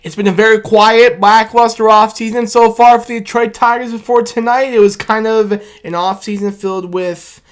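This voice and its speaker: Excitable man rambling about his team. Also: high-pitched, normal speed, hardly any pauses, clean tone. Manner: excited and rambling, laughing often. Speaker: sports fan YouTuber. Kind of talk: excited instant-reaction vlog.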